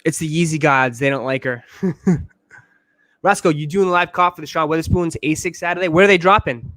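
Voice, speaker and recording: A man's voice: on the high side, a little fast, fairly bright tone, dry recording. A man hosting a casual livestream chat, joking around and often repeating himself. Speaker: host.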